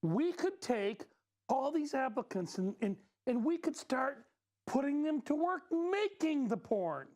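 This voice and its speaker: A woman playing a scheming, high-voiced marketing boss. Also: darkish tone, heavily acted. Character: scheming female marketing head. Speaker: improv performer. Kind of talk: improv comedy scene.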